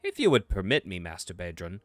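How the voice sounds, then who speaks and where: A man's voice: low voice, wildly swooping pitch, brisk, dry recording, soft background music. A man doing a proper English gent commander. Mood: formal.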